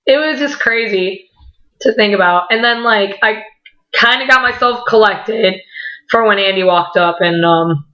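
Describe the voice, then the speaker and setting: A young woman telling a story in a casual, rambling way, excited, swearing often and saying "like" a lot. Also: medium pitch, unhurried, muffled recording. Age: young adult. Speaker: vlogger.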